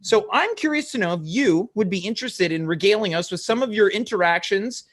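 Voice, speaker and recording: A man's voice: high voice, lively intonation, fairly quick, fairly bright tone. A man hosting a casual talk show from home, chatting and teasing his guest and steering the topics. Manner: easygoing, teasing, steers the conversation. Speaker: host.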